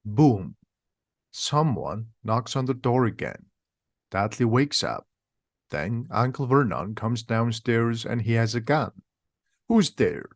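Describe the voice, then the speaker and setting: A man slowly reading a simplified storybook aloud for language learners. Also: medium pitch, animated, dry recording, clean studio sound. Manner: slow, simple, clearly paced. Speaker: reader. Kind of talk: slow graded-reader story narration for learners.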